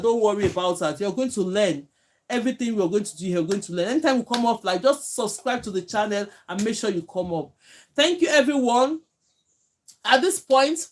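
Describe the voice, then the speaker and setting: A woman from Nigeria with a Nigerian accent, teaching hair braiding on a live stream from home, chatting and thanking viewers by name. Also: a little high. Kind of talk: live-stream tutorial chat.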